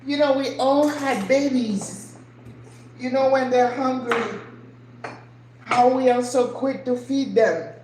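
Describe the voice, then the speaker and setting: A woman's voice: sits high, slow pace, long pauses. An older woman hosting her channel, chatting earnestly and emotionally while cooking at home. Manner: earnest, emotional, rhetorical questions. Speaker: channel host. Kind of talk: casual chat while cooking. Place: home kitchen. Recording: echoey kitchen, faint ambient noise.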